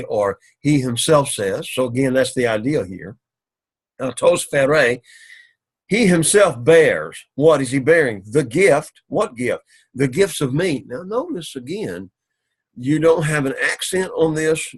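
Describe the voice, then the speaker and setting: A man teaching an introductory Greek class, explaining grammar methodically and reading Greek phrases slowly. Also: mid-range voice, husky. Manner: methodical, repeats "again" often, reads Greek slowly. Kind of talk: recorded classroom lecture. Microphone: camera recording of a lecture.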